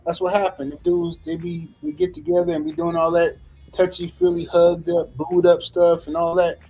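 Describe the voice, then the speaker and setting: A man's voice: on the high side, little pitch movement, moderate pace, warm tone, faint music behind, low-quality recording. Man rambling in profane podcast banter. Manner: loose, filler-heavy, profane. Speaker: podcast co-host.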